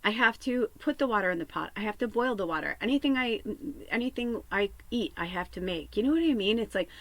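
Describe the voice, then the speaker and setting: A woman's voice: mid-range voice, animated, fast talker, no room sound. A woman hosting a spiritual podcast, chatting in a rambling way and often repeating "I'm like" as she retells things. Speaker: podcast host and spiritual medium. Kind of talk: casual rambling chat.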